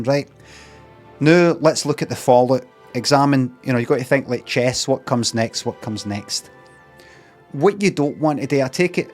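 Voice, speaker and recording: A middle-aged Scottish man with a Glaswegian accent, chatting casually on a livestream, rambling and deadpan, acting out bits of mock dialogue. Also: mid-range voice. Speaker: streamer. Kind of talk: casual livestream chat with chat readers.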